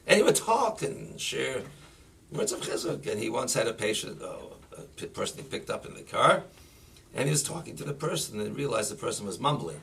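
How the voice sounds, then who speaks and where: A man, a rabbi, giving an animated sermon full of stories, rising to near-shouting when he drives a point home, recorded from a distance. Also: mid-range voice, fairly quick, vocal fry. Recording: voice distant from the mic, faint background noise.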